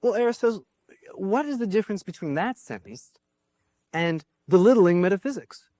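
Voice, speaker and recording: A man's voice: high-pitched, expressive, normal speed, warm tone, no echo. A man giving a philosophy lecture to a class, thinking aloud with small restarts and asides.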